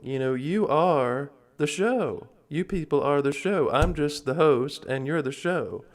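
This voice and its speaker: A man hosts a casual livestream and rambles through his thoughts, stopping and restarting with plenty of fillers. His voice is smooth and clear, sitting at an ordinary middle pitch for a man. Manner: rambling, halting, with many fillers and chuckles. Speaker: livestream host.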